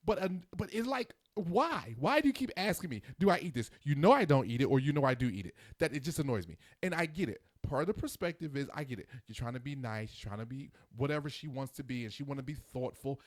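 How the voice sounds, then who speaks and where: Fast, animated man in his forties ranting. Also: mid-range voice, no echo, studio quality. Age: 40s. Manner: animated, ranting, mimics others in quick asides. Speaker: host. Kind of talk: casual podcast chat.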